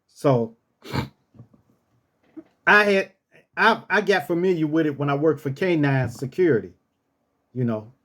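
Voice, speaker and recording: A man telling a casual story and teaching dog commands, repeating himself and calling out each command in a rough, drill-sergeant tone. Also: a little high, measured pace, long pauses, a bit bright. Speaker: storyteller host.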